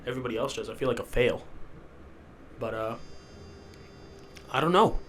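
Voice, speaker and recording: A man's voice: medium pitch, moderate pace, a little hiss or hum. A sick young man with sniffles hosting a rambling solo podcast from a basement, loopy and self-deprecating. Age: young adult. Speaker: podcast host. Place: rented house basement.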